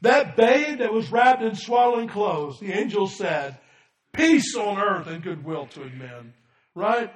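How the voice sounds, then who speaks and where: A male pastor preaching a sermon, dropping to soft low asides and then rising to shouted emphasis while calling for amens from the congregation. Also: animated, slow pace, recorded from a distance. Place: church sanctuary. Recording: echoey room from off the mic.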